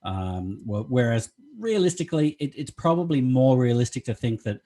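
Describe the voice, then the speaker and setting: A man's voice: mid-range voice, expressive, moderate pace, mellow. A man co-hosting a podcast in casual chat, talking freely and laughing often. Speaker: podcast co-host.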